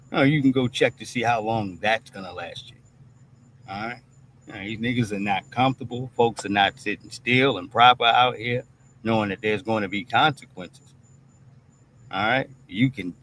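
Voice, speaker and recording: A man's voice: lowish voice, a bit bright, a little hiss or hum. A man hosting a streamed commentary monologue, talking bluntly with plenty of profanity and a habit of asking "all right?" after nearly every point. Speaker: host.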